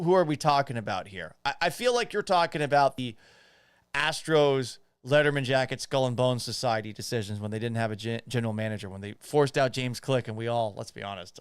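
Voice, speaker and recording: A man's voice: mid-range voice, smooth, dry recording, studio quality. A man hosting a sports podcast, reading viewer comments and answering them in a blunt, joking, profane manner. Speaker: podcast host.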